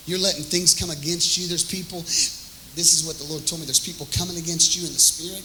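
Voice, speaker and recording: A male pastor preaching a sermon to a congregation, exclamatory and quick to call out for responses. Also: on the high side, background noise. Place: church hall before a live congregation.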